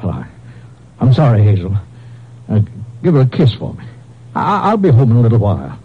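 A man's voice: mid-range voice, wildly swooping pitch, brisk, breathy edge. An actor playing an anxious middle-aged male car dealer in a vintage radio drama, nervous and stammering. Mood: worried. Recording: muffled old radio recording.

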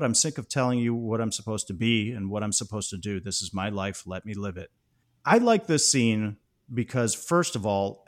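A man co-hosting a podcast, talking through a film scene in a thoughtful, analytical way. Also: mid-range voice. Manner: thoughtful, analytical, animated when praising. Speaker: podcast co-host. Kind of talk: casual film discussion.

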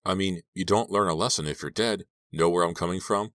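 A man reading an audiobook aloud and voicing a menacing, unstable young man in a low, quiet, eerily calm voice. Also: a little fast, no room sound, studio quality.

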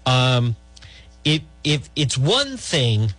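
A man's voice: medium pitch, very animated, very slow, a bit bright, no echo, faint music behind. A middle-aged man hosting talk radio, giving blunt, rambling political opinions with many restarts.

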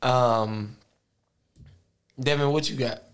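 A young man telling a story in casual chat, relaxed and reflective, sometimes dropping soft and low. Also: slow pace. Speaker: podcast co-host.

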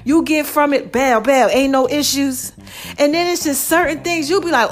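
A woman hosting her own online show, talking casually and warmly to her viewers, calling them "baby" and repeating phrases to drive her point home. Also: high-pitched, normal speed. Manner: affectionate, calls listeners "baby" and "y'all"; preachy, repeats phrases for emphasis. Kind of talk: casual motivational talk to viewers.

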